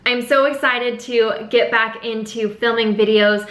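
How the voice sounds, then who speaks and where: A woman's voice: a little high, fairly even intonation, measured pace, fairly bright tone. Chatty young woman in echoey room. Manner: chatty, upbeat, rambling. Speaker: beauty vlogger. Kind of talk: casual get-ready-with-me chat.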